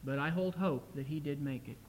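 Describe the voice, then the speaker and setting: Male preacher, sermon, earnest, emphatic, fairly high voice for a man. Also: fairly quick, slight background noise, poor audio.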